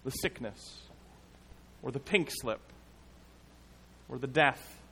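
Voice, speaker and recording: A man preaching a sermon as pastor, in a measured, emphatic way with dramatic pauses. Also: medium pitch, a bit bright, slight background noise.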